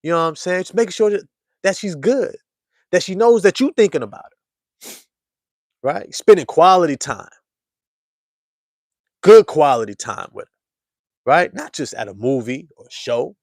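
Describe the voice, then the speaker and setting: A man hosting a casual basketball fan show, talking to his live chat in animated slang and repeating lines for emphasis. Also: normal speed, vocal fry, pauses often, no room sound, clean studio sound. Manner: animated storyteller, swings from loud hype to low murmur. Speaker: sports show host.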